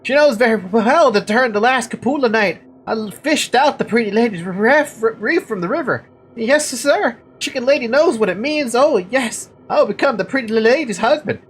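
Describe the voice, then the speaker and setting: Woman voicing a timid village violinist guy, heavy stutter, pleading, raised pitch, lively sing-song. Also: moderate pace, slight background noise, lightly acted.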